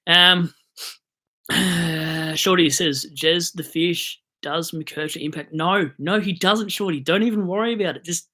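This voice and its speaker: Hyped on coffee, the same kind of young Australian streamer rambles and cracks jokes about fantasy football in a casual live stream. Here his voice sits a little high, with a bright, forceful tone.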